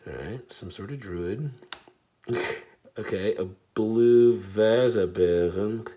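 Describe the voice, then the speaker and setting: A man casually chatting to his viewers while opening trading card packs, chatty and self-deprecating, with bursts of excitement. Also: on the low side, slow pace. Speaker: card pack opening vlogger. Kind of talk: casual pack-opening commentary.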